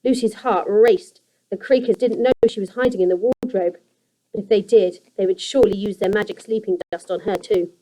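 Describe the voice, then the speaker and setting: A young adult woman teacher reading a children's story aloud in a steady, expressive storytelling manner. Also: medium pitch, a little fast, rough recording.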